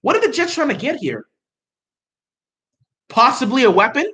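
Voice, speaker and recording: High, bright-voiced excitable man. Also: normal speed, pauses often. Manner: excitable, pleading and repeating himself. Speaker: livestreamer reacting to the draft. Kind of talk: casual live reaction chat.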